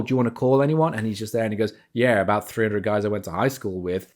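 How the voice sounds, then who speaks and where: Young male host, middle pitch, enthusiastic video reviewer who laughs through his recaps. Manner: animated, gushing, laughs while retelling scenes.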